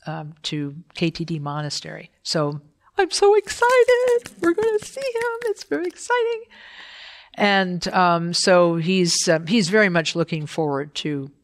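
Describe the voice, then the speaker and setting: An older woman giving a casual dharma talk as teacher, chatty and animated with many hesitations. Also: lowish voice.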